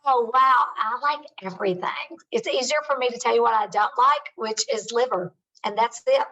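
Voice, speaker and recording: A woman's voice: a little high, steady tone, normal speed, bright, forceful tone, far from the mic, lo-fi sound. A woman author from Kentucky, a guest in an interview, talking in a chatty, candid and fond way. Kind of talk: casual interview chat.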